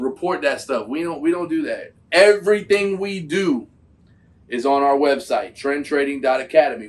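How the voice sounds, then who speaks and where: Guy hosting a reaction vid, loose slangy talk, kinda high voice, sounds a bit off-mic. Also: far from the mic. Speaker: host reacting to a trade video. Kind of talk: casual reaction commentary.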